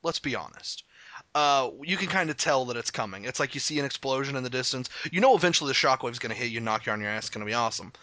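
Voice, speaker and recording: A man from Arkansas talks in a casual podcast chat, excitable and quick to swear and laugh. His voice is bright and forceful, recorded close and dry with no room sound. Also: medium pitch, dry recording. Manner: excitable, profane, laughs often. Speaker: podcast co-host.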